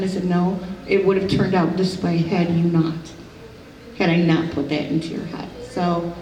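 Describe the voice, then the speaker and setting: A woman's voice: fairly low pitch, level tone, moderate pace, dark tone. A middle-aged woman, a psychic medium, giving a casual, rambling talk at an expo, full of fillers and restarts. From rural upstate New York. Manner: chatty, many fillers and restarts. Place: expo hall. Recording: roomy hall, recorded from a distance.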